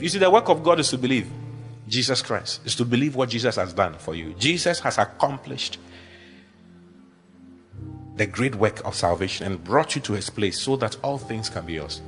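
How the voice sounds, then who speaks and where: A man preaching a sermon with emphatic, repetitive declarations, leading the congregation in call-and-response. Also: fairly low pitch.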